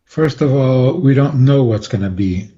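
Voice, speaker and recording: A man, a rabbi, calmly explaining on a radio talk program and chuckling often. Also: medium pitch, a little slow. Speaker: rabbi guest. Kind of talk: radio interview, Torah teaching. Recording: dull lo-fi radio audio.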